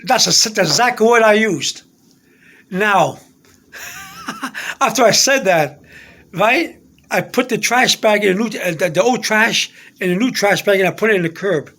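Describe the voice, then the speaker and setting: A man telling a personal faith story in a rambling, halting way, repeating himself and restarting often. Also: high-pitched, lively intonation, sharp tone.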